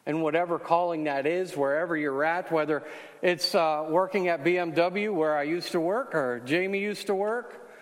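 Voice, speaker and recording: A high-voiced man preaching to a congregation. He puts questions straight to the room and climbs in pitch and force when he stresses a point. His voice rings with a long reverb, as if he is in a church hall. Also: normal speed. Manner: asks the congregation questions, emphatic and rising on key lines. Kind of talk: sermon.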